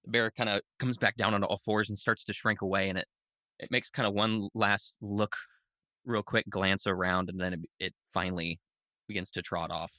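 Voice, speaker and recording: Guy running a tabletop game, low-ish bright voice, loose rambly narration, dry close sound. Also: fairly even intonation, normal speed, no echo. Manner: easygoing, descriptive, filler-heavy narration. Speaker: game master.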